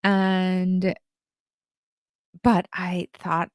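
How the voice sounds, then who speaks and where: Slow-talking woman life coach. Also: medium pitch, animated, no echo, clean studio sound. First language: Japanese. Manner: halting, many restarts and fillers. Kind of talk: casual storytelling monologue.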